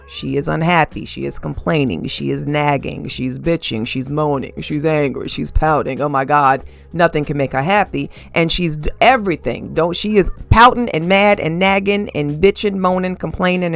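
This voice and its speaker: Sassy woman podcaster with a gravelly voice. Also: fairly low pitch. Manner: sassy, emphatic, swears freely, laughs often. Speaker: podcast host. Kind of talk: opinion commentary monologue.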